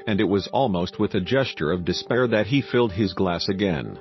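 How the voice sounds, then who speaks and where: Low-voiced man reading a story. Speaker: audiobook narrator. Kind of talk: scripted narration. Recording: dull lo-fi with faint music.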